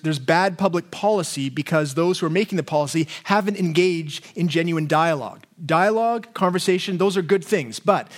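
A man preaching a sermon in an earnest way, often repeating words and asking his listeners questions. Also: a little high.

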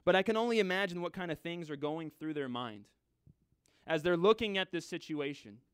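A man's voice: on the high side, lively intonation, fairly quick, smooth, dry recording, clean studio sound. Dramatic man preaching a sermon. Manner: conversational, dramatic swings from loud to hushed.

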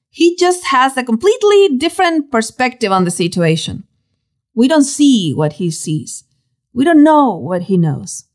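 A woman leads a Bible lesson in a bright, higher voice. She tells the story dramatically and her pitch leaps and drops all the time, so it stays lively. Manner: dramatic, animated storytelling with sudden pitch swings. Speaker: Bible teacher. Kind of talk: expressive Bible teaching.

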